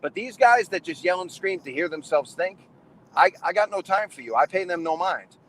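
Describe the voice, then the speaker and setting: A man's voice: sits high, moderate pace, slight background noise, low-quality recording. A middle-aged man hosting a wrestling trainers' chat, casually rambling and emphatic, with frequent restarts. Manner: rambling, restarts often, calls people man and brother; animated and emphatic. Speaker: wrestling trainer and show host.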